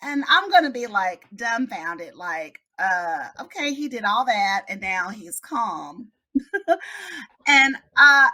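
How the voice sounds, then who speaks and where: Animated, bright-voiced woman storyteller. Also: on the high side, takes it slowly. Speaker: children's book author. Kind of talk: casual interview chat.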